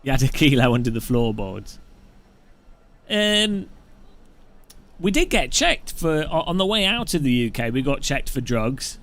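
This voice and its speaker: A man's voice: medium pitch, sing-song, a little slow, long pauses, a bit bright. A British man giving casual, joking commentary while sim racing, rambling into funny anecdotes.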